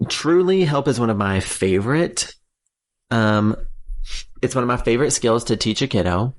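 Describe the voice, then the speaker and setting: A man co-hosting as an occupational therapy clinician, chatting casually, playful and quick to laugh, often restarting to explain himself. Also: medium pitch, expressive. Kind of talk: casual podcast chat.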